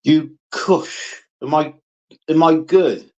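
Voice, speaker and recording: A man on a casual livestream, slowly chatting, swearing freely and answering viewers by name. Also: on the high side, a little mellow, muffled recording. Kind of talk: casual live chat.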